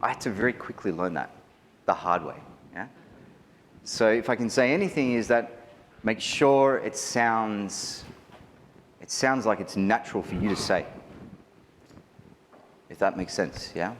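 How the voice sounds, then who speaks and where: An Australian man giving a wedding photography seminar, chatty and animated, often asking the audience questions. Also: on the low side, measured pace, pauses often, slight background noise. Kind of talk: live seminar talk to an audience. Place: large hall. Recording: reverberant hall with faint ambience.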